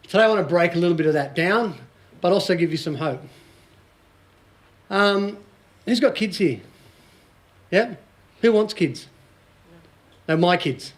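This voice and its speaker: A man's voice: sits high, expressive, a little slow, pauses often. An Australian man in his forties, a business coach giving a casual, joking seminar talk to a small group and quizzing the audience.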